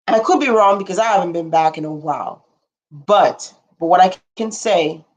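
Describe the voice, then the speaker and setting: A woman's voice: fairly low pitch, animated, moderate pace, dull audio. A young woman hosting a casual livestream, rambling frankly with blunt asides and casual swearing, and answering viewer comments as she talks. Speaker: livestream host.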